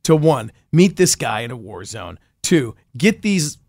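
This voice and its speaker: A podcast host and reporter appears as a guest on a radio show, his medium-pitched voice sing-song, a little slow and a little mellow, with no echo. In this casual interview chat he tells a story enthusiastically and laughs often.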